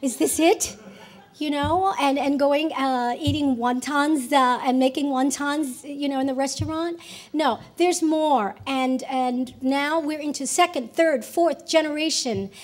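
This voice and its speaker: An older woman from the United States gives a convention keynote speech, earnest and animated, often restarting her phrases and acting out quoted lines. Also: high-pitched, a little slow. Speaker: keynote speaker. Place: convention hall.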